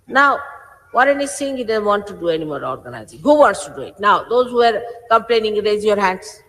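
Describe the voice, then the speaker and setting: A woman's voice: medium pitch, animated, brisk, a bit bright. A woman in her sixties, a spiritual teacher addressing her followers in a stern, scolding manner. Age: 60s. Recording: roomy archive recording with long hall reverb.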